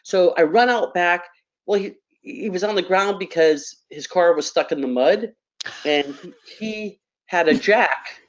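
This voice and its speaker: A middle-aged woman on a radio talk panel telling a family story with animated delivery, repeating words and acting out quotes. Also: on the low side, measured pace, highs cut off. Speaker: panel guest.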